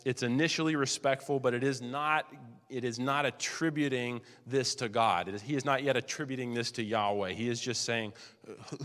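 A man preaching a sermon as pastor, reading scripture aloud and slowing down to stress key words. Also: medium pitch, fairly bright tone, big-room sound. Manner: preaches with dramatic read-aloud quotes and slowed emphasis.

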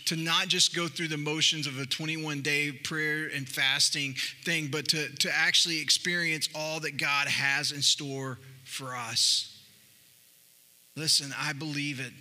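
Male pastor with a Texas accent, bright and forceful tone, slightly high voice, conversational sermon delivery that rises to emphatic points. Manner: conversational preaching, rising to emphatic. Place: church sanctuary.

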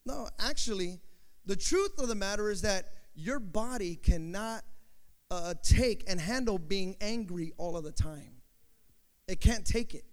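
A man with a high-pitched voice preaches a sermon, speaking a little slowly while a long reverb tail trails his words. He tells stories animatedly, acts out quotes, and puts questions to his listeners.

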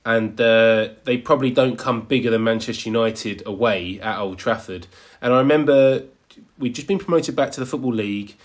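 A man in casual conversation, searching for his words with many false starts. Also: medium pitch. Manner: halting, searches for words, then bursts into excitement. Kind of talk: casual chat.

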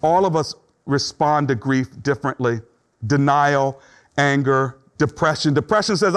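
A middle-aged male pastor delivering a sermon with a voice pitched a little above the usual for a man. He speaks in an earnest, conversational way and slips into short acted-out quotes to make his points. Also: a little slow, a bit bright.

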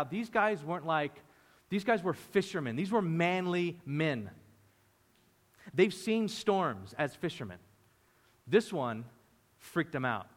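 Male pastor, sermon, lively storyteller, slightly high voice, long hall reverb. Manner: lively storytelling, acting out the disciples.

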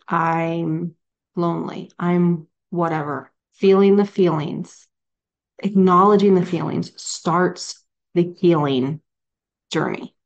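A woman's voice: lowish voice, darkish tone. A middle-aged woman and grief recovery specialist giving an earnest, heartfelt Christian encouragement talk, with emphatic bursts. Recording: slightly dull lo-fi sound.

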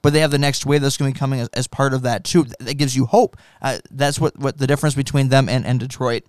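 Halting man with smooth voice. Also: mid-range voice, fairly even intonation, darkish tone, no echo, clean studio sound. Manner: halting, many fillers and restarts. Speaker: podcast co-host. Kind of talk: casual sports chat.

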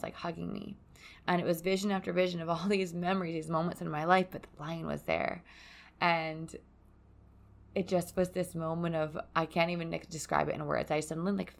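A young woman hosting a podcast from home, speaking softly in a reflective, confessional solo monologue. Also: sits low, creaky. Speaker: podcast host. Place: at home by a window onto a yard.

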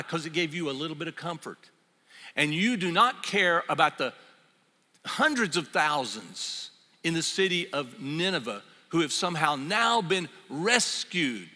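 A middle-aged man preaching a sermon as pastor, telling a story in an animated way and acting out its voices. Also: fairly high pitch. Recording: long reverb of a hall.

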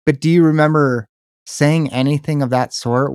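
Measured male interviewer, dry sound. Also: a little high, steady tone, darkish tone, dry recording. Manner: careful, measured, reads quotes aloud. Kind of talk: interview questions.

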